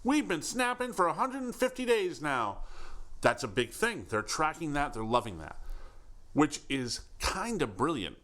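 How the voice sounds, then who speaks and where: A man's voice: on the high side, sing-song, moderate pace, fairly bright tone. A man in his forties from Connecticut, co-hosting a podcast in casual chat, who laughs easily and tells stories with enthusiasm. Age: 40s. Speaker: podcast co-host.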